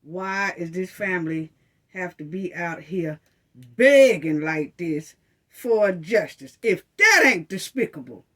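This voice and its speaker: A woman's voice: lowish voice, lively intonation, slow, a bit bright. A woman giving passionate, repetitive commentary to her viewers, mocking officials with quoted phrases. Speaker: commentary channel host.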